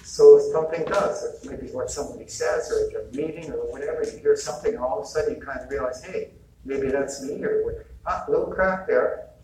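A man's voice: medium pitch, quick pace, darkish tone, slight background noise. A man giving an informal spiritual talk about healing, conversational and chuckling often, acting out bits of dialogue. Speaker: retreat speaker. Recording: echoey hall mic from a distance, faint ambience.

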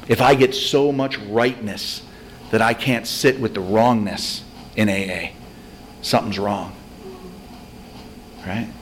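A man giving a conversational, self-deprecating spiritual talk to a recovery group, telling stories with animated energy. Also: fairly low pitch, a little hiss or hum. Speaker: recovery meeting speaker.

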